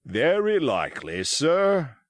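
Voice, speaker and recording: A man's voice: fairly high pitch, wildly swooping pitch, slow, dry recording, studio quality, voice pushed up, full character voice. A man voicing a stern middle-aged ship's captain who gives clipped, commanding orders.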